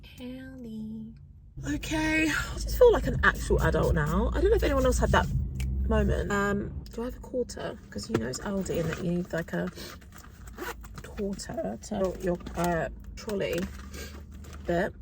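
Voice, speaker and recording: A woman's voice: medium pitch, gravelly. A young woman chatting casually through her errands to a phone camera, from her car and home. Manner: chatty, self-narrating errands. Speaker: vlogger. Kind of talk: casual vlog chat. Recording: loud background noise, vehicle sounds.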